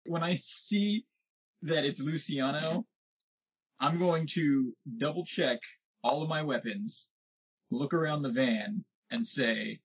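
A man plays a tabletop game, his mid-pitched voice husky. The recording is dull and lo-fi. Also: slow. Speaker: player. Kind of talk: casual tabletop play.

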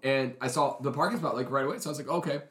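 A man in casual chat among friends, telling animated stories and laughing often. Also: mid-range voice, rapid-fire. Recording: roomy echo.

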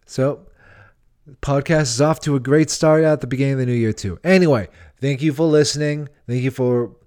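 A man's voice: medium pitch, moderate pace, darkish tone. A man hosting a solo comedy podcast, ranting sarcastically and slipping into mocking impressions. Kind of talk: casual solo podcast monologue. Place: Nashville.

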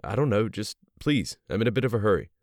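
A nervous young man pleading for news of his fiancée, as a male narrator voices him. He sounds hurried and anxious, a little higher than the narrator's deep voice, recorded dry and close. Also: big pitch swings, a little mellow, no room sound.

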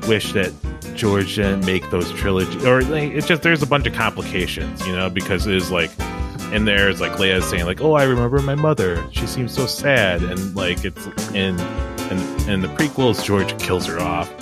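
A man's voice: sits low, moderate pace, music in the background. A man hosting a casual podcast chat, rambling and loose, with many fillers. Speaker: podcast host.

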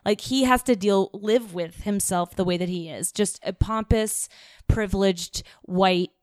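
A woman's voice: medium pitch, a little slow, no room sound. Young woman podcast co-host, casual profane storyteller, dry close sound. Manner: blunt, profane storytelling with quoted dialogue. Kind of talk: casual chat.

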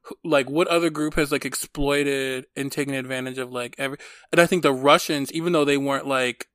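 A man co-hosting a casual chat, animated and gossipy, full of camp slang and filler words. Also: medium pitch, fairly quick, no room sound, clean studio sound.

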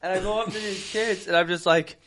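A young man with a high, bright voice spins a crude, animated story for his co-host. He swears freely, and his laughter keeps breaking through the telling. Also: fairly quick. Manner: animated, profane storytelling, bursts into loud laughter. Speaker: podcast co-host. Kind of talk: casual storytelling chat.

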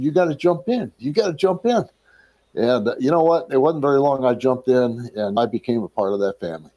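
A middle-aged man from Wisconsin telling his life story as a testimony, animated and acting out the people he quotes. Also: mid-range voice. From Wisconsin, USA. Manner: animated storyteller who acts out quoted people and often clears his throat.

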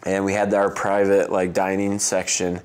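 A man in his thirties with a fairly low voice tells stories about his family in a loose, chatty way. He leans on "like" and "um" as he talks. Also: completely flat delivery, moderate pace, a little mellow, smooth. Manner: chatty, full of "like" and "um" fillers. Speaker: interviewee. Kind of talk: casual storytelling interview.

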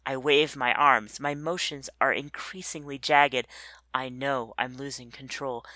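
A narrator reading a first-person story in an introspective, measured way. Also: medium pitch, sharp tone, no echo.

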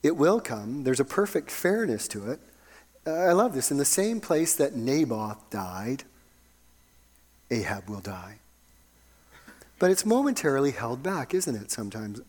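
A man preaching a sermon, calling his listeners loved ones and swinging between ringing emphasis and a hushed near-whisper. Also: mid-range voice, sing-song, normal speed.

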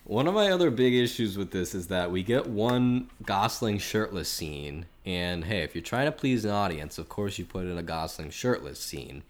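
A man co-hosting a film podcast, talking through his opinions in a chatty, measured way with lots of filler words. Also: sits low, big pitch swings. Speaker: podcast co-host. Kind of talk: casual film review chat.

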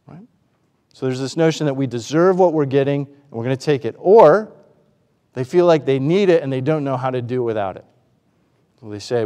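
A man's voice: medium pitch, animated, moderate pace, long pauses, mellow, big-room sound. A man preaching a sermon, asking the congregation rhetorical questions and acting out the voices he quotes. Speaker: pastor.

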